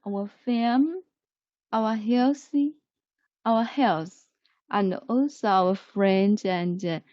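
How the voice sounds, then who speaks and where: Woman teacher for an online vocabulary lesson, very slow and patient, dry, dull lo-fi sound. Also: medium pitch, no room sound. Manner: slow, repetitive, explains word by word.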